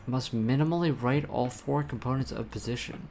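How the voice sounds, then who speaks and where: A man with a gravelly, mid-range voice streams himself coding at a moderate pace, muttering and cursing in exasperation as he reads error messages aloud. Soft lo-fi music and keyboard typing play behind him, with a little hiss or hum in the recording.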